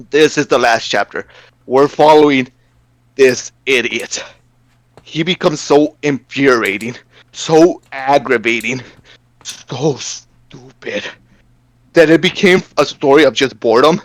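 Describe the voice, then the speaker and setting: A man in a casual, profane rant, animated and stammering through his complaints. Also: a little high, no echo.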